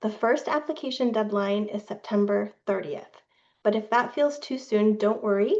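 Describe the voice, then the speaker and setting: A woman staff presenter reading a prepared update in a formal, measured way, with small slips. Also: mid-range voice, darkish tone. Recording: dull lo-fi sound.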